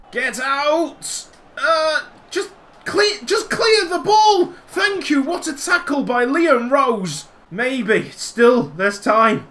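A young man narrates his football video game with a lively voice that swings up and down. He talks at an unhurried pace in a bright tone, and he gets excitable and shouts at the match. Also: extremely high pitch. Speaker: YouTube gamer.

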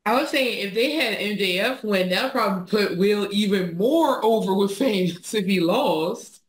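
A woman on a podcast talks through her picks hesitantly, thinking aloud. Her pitch moves in a lively way. The room around her sounds echoey. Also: normal speed. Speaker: podcast co-host. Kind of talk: casual chat. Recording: roomy echo.

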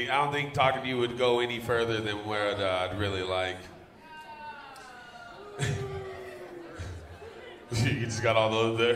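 A man doing crude live stand-up, joking with the crowd and bursting into loud teasing. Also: medium pitch, noisy background. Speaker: stand-up comedian. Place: comedy club stage. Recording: echoey live club room.

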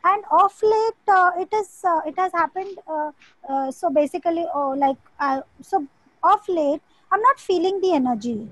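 Hesitant high-voiced woman, dry sound. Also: animated, normal speed, no room sound, low-quality recording. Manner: hesitant, full of fillers and restarts. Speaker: participant asking for coaching. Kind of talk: casual call conversation.

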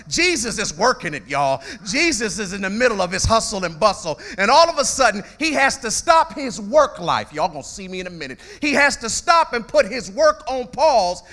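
A male pastor giving a conversational sermon, calling out to his congregation and often repeating words as he starts a phrase. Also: high-pitched. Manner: animated, conversational preaching with call-outs to the congregation.

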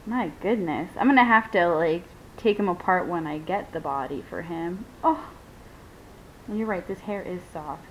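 A young woman in casual unboxing chat who gushes, squeals and laughs often as she talks to her viewers. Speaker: vlogger unboxing a reborn doll. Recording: dull lo-fi home video with faint rumble.

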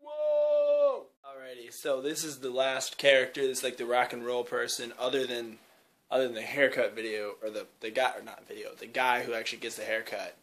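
A young YouTube creator with a mid-range voice rambles casually in a behind-the-scenes vlog, talking fairly quickly. He sounds excited and uses lots of fillers, recorded on an indoor home video set.

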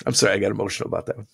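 A man co-hosting a podcast who rants in a heated, blunt way, laughing between his jabs, with a gravelly voice. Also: fairly low pitch, sharp tone. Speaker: podcast co-host. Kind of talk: impassioned ranting podcast talk.

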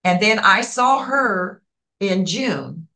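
An older woman who founded a community program tells stories in an interview, animated and acting out the voices of people she quotes. Her voice is mid-range and her pace slow.

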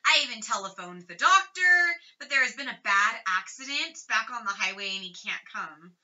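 A woman's voice: fairly high pitch, lively intonation, normal speed, pushed and bright, recorded from a distance, dull audio. A woman voicing a worried, exasperated father in a storybook, speaking plainly.

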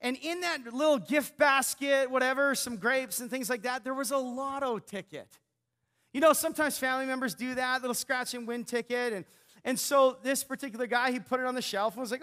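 High bright-voiced excitable male pastor. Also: normal speed. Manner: storytelling, swings from hushed to shouting. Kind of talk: sermon. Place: church.

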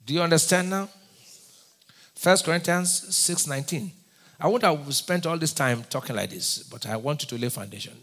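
A man with a Nigerian accent preaching a sermon, firing call-and-response questions at his congregation and breaking into sudden shouts. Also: fairly high pitch, moderate pace, long reverb tail. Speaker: pastor.

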